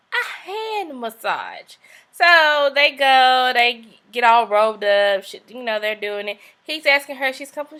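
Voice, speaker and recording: Young woman, chatty and sassy recap host; bright tone, slightly high pitch. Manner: chatty, sassy asides, acts out quotes. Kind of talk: casual recap commentary.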